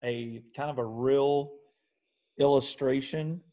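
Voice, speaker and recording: A man hosting an interview, thoughtful and measured, often restating his points. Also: medium pitch, fairly even intonation, mellow. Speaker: interview host. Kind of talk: casual interview conversation.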